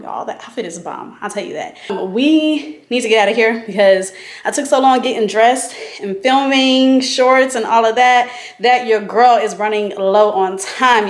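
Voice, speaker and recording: A woman in her thirties chatting casually to viewers in a vlog, animated and slangy with frequent asides. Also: a little high. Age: 30s. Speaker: vlogger. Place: in a car and at home.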